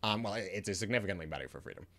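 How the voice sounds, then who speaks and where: A man's voice: lowish voice, animated, very fast, bright, forceful tone. A man giving a casual video review of a card game, ranting in frustration with lots of restarts and fillers.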